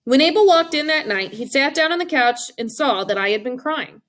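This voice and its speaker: A woman narrating an audiobook with expressive storytelling. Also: high-pitched, fairly quick.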